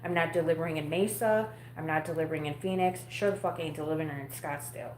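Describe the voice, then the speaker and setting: A woman rambles bluntly to her live-stream viewers, cursing freely. Her voice sits a little low, and the room around her is echoey, with a faint hum behind it. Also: quick pace, a little mellow. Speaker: vlogger talking to a live audience. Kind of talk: casual live-stream chat. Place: home at night.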